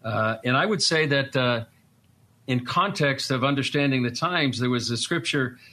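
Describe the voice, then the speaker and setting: A guest commentator with a Boston accent and a sharp, mid-range voice explains things earnestly in a conversational discussion. He often pauses on fillers and restarts his sentences.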